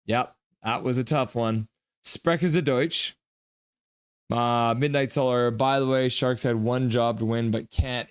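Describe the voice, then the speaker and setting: A man's voice: medium pitch, fairly even intonation, unhurried, smooth. Chatty man reading viewer comments aloud. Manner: chatty and teasing, thanks viewers by name. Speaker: livestream host. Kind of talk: casual live-stream chat, reading viewer comments aloud.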